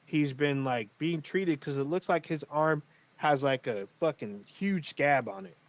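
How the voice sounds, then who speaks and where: A man's voice: a little high, a little slow, muffled recording. A man casually recapping an episode on a livestream, rambling and swearing as he retells it. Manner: rambling, profane, animated retelling. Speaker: podcast co-host.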